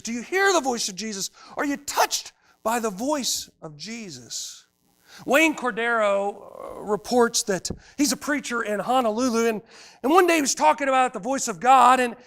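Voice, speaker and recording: A man preaching a sermon as pastor, swinging from loud emphatic lines to hushed quiet ones. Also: very high voice.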